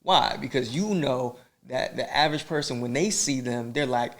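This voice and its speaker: A male podcast host with a medium-pitched voice speaks at a normal pace, giving his listeners direct advice in a casual, slangy manner. His delivery is animated and a bit preachy, like a motivational chat.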